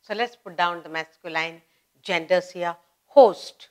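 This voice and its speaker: Teaching children an English grammar lesson, a woman with an Indian English accent repeats words slowly and with emphasis. Her voice is on the low side, and soft music plays in the background.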